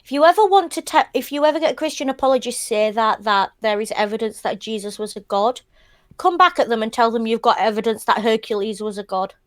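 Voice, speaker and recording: A woman's voice: fairly high pitch, fast, no room sound. A woman co-hosting a podcast panel, talking bluntly and swearing freely as she explains her view. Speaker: podcast co-host. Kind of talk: casual panel discussion.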